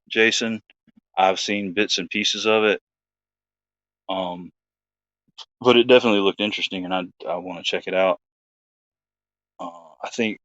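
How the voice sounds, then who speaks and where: A man's voice: sits low, a bit bright, no room sound, highs cut off. A man, hosting his own show, telling a story in a rambling, laid-back chat full of fillers. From Georgia, USA. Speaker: host.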